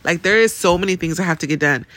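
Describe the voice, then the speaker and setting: A woman's voice: lowish voice, quick pace, fairly bright tone, no room sound. A woman hosting a podcast, venting in a rambling, casual way and swearing freely. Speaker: podcast host. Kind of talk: casual chat. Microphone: podcast mic.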